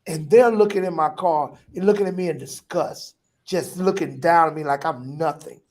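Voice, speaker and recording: A middle-aged pastor telling a personal testimony in a vivid, animated way, in casual vernacular with repeated phrases. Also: male voice, fairly high pitch, moderate pace. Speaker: pastor, guest.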